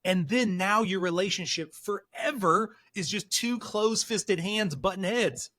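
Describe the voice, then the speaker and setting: A man's voice: sits high, unhurried, bright, forceful tone, no room sound, clean studio sound. A middle-aged man, a counselor guest on a podcast, speaking earnestly and with emphasis, acting out bits of dialogue as he tells stories. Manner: earnest, emphatic, acts out dialogue while storytelling. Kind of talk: podcast interview.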